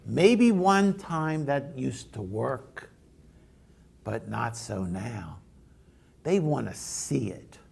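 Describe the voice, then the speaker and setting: Pastor, male; gravelly, slow-paced conversational sermon storyteller. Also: medium pitch, big pitch swings, darkish tone.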